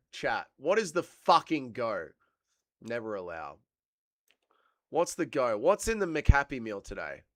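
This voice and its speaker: A man's voice: medium pitch, fairly bright tone, no echo. An Australian man with a cold hosting a livestream, chatting casually with his viewers, rambling and swearing a lot. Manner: crude, swearing, rambling banter. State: has a cold. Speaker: livestream host. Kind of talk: casual chat reading live chat.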